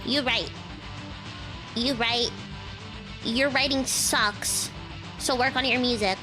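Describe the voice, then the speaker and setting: A woman's voice: a little high, slow, over music. A woman streaming a story game, reading the lines aloud and breaking off into exasperated comments.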